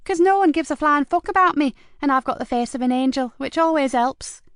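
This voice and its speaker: A woman's voice: brisk, dry recording, clean studio sound. A woman voicing a brash, foul-mouthed young boy in an audiobook. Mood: cocky. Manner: high, loud and brash.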